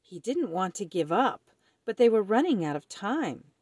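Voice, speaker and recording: A woman reading a children's picture book aloud in a slow, expressive storytelling manner. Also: medium pitch, no echo, studio quality.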